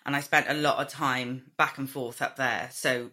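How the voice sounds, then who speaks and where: A Welsh woman in her thirties, a comedy writer chatting casually and telling animated stories, swearing freely and acting out other people's voices. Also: a bass voice, moderate pace. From Wales. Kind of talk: casual chat.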